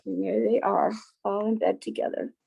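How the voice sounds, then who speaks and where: A woman reading a picture book aloud to children, unhurried and pausing to point out the pictures. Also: mid-range voice, flat delivery, gravelly, slightly rough, highs cut off. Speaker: storybook reader.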